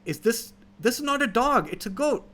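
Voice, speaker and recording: A man's voice: very high voice, expressive, normal speed, a bit bright, voice pushed up, heavily acted. A man voicing a stubborn old village man who keeps protesting in exasperation. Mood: indignant. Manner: indignant protesting.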